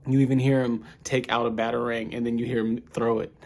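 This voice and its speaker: A young man talking through an episode recap in a loose, rambling way. He thinks aloud as he goes and backs up to restart his sentences. His voice sits at a middling pitch. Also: little pitch movement, a little fast, a little mellow. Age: young adult. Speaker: podcast reviewer.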